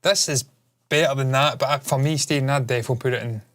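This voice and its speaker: Scottish man, co-host, casual chat, blunt and sweary, joking, mid-pitched voice. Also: fairly even intonation, fast talker, fairly bright tone. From Scotland.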